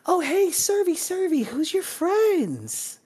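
A man putting on a squeaky excited little girl. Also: slow pace, exaggerated voice. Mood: bubbly.

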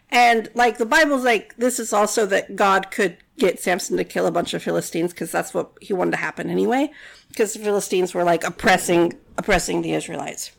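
A woman's voice: medium pitch, fairly quick, vocal fry. A woman casually retelling a Bible story in a chatty, sarcastic way, full of "like". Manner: chatty and sarcastic, many "like" fillers.

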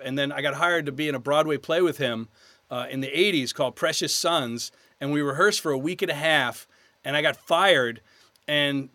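Man, bright forceful voice, dry close sound, chatty storyteller, podcast guest. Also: fairly high pitch, no room sound. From New York. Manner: chatty storyteller, self-deprecating. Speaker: guest actor. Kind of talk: casual podcast interview.

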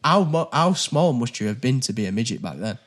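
A man's voice: mid-range voice, big pitch swings, brisk. A man co-hosting a casual podcast, explaining a card game in a laid-back, rambling way with restarts. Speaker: podcast co-host running a card-game segment. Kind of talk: casual chat.

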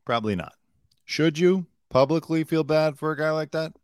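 A man's voice: fairly high pitch, moderate pace, no echo, studio quality. Blunt, opinionated man commenting on news. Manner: opinionated, blunt, swears freely. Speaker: show host.

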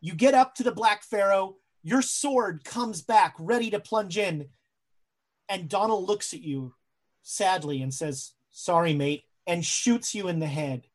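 A woman narrating a horror tabletop game as game master, slow and dramatic, with halting fillers as she searches for words. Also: medium pitch, expressive.

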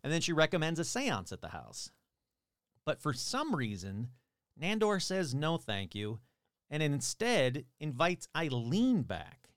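A man's voice: a little high, sing-song, measured pace, dry recording, studio quality. A man casually retelling a strange tale, with sarcastic, irreverent asides and the odd swear. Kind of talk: casual storytelling narration.

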